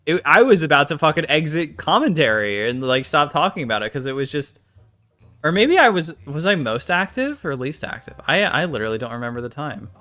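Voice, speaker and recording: A man's voice: fairly high pitch, very animated, a little fast, pushed and bright. A British man rambling casually while reacting to clips on a live stream, often unsure and trailing off.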